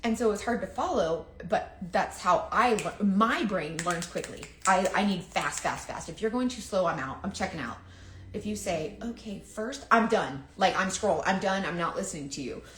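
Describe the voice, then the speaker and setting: A woman's voice: lowish voice, normal speed, a little hiss or hum. Woman, casual storytelling, chatty and self-deprecating, acts out quotes, echoey room. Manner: chatty, self-deprecating, oversharing, quotes others in lively voices. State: sweating, overheated from layers. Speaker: makeup seller.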